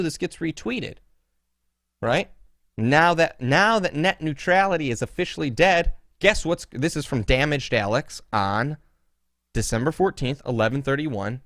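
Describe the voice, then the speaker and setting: Male podcast host, lively pitch, often laughing, dry close mic. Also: dry recording. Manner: laughs often, excitable and mocking. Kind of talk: casual podcast chat. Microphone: podcast mic with cord.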